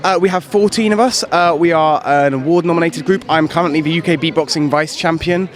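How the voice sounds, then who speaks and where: A man's voice: on the high side, fairly quick. A young man, a student performer and beatboxer, eagerly listing his group's achievements in a street interview. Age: young adult. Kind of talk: casual interview. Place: outdoors on a busy street.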